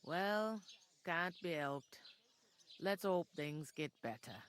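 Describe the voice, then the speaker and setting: A woman's voice: lowish voice, lively intonation, slow, clean tone. Game tavern keeper, woman, Yorkshire accent, blunt and folksy. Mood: matter-of-fact. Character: brusque village tavern woman, practical.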